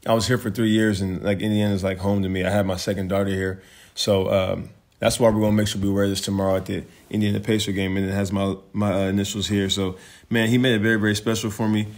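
A man's voice: fairly low pitch, fast. A man in his thirties, a guest chatting casually and easygoingly in a room at home. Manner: laid-back, relaxed, uses casual fillers. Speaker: guest, basketball player. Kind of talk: casual conversation. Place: indoors, home room with jerseys on wall.

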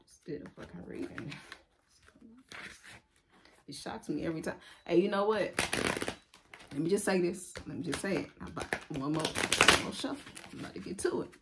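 A woman's voice: fairly low pitch, fast talker, very noisy. A woman giving a casual tarot reading, talking bluntly and profanely in a loose, chatty way. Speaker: tarot reader.

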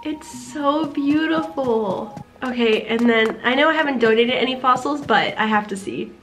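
A high-pitched woman chatters her way through a video game in a casual, wide-eyed tone. She is easily delighted, with quick gasps and giggles between lines. Faint game music plays softly behind her voice. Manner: excitable, gasping and giggling in delight. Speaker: game streamer. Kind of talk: casual gameplay commentary.

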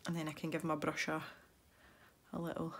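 Scottish woman with a lowish voice rambling away while she paints, thinking out loud. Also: monotone, brisk. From Scotland. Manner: chatty, thinks aloud, rambling asides. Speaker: art channel host. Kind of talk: casual chat while painting.

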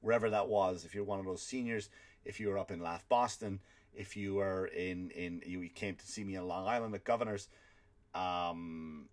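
A man with an Irish accent, a comedian hosting a podcast, telling stories in an animated, swear-filled rant. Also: deep voice, moderate pace. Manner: animated storytelling with frequent swearing. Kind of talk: ranting comedic monologue.

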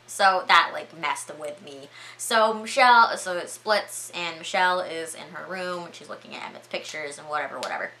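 A young woman vlogger recapping a movie in a chatty, excitable way, full of filler words. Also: sits low, normal speed, few pauses.

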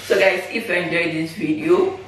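A woman's voice: fairly low pitch, fairly even intonation, moderate pace, a bit bright, a little hiss or hum. A woman hosting a food vlog, chatting casually to the camera, teasing and laughing often. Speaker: mukbang vlogger. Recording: echoey room from a distance.

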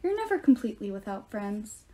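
A woman's voice: mid-range voice, sing-song, brisk, dark tone. A woman voicing a grimy, kindly old homeless man who sounds friendly and welcoming.

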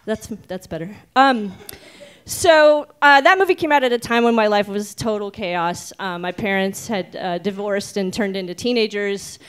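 A woman's voice: mid-range voice, moderate pace, clear, resonant tone. A woman in her forties from Oregon telling a personal story live on stage, chatty and self-mocking, with many ums. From Oregon, United States. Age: 40s.

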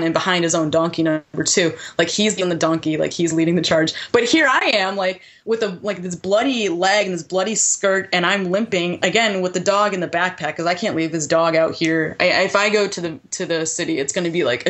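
A woman in her thirties, a podcast guest recounting a personal story in an animated way, with many "like" fillers. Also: fairly low pitch, a little fast. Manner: animated, heavy use of "like" fillers.

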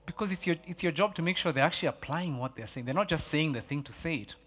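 A man preaching a sermon as pastor, animated, repeating key phrases and swinging from loud exclamations to hushed lines. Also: fairly high pitch, fast talker, husky, in a large hall. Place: church hall.

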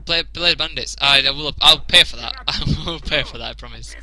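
A man's voice: fairly high pitch, fairly quick. A young man, casually commentating a video game, joking and laughing as he plays. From England. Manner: jokey, laughs often, reacts loudly. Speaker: let's play commentator.

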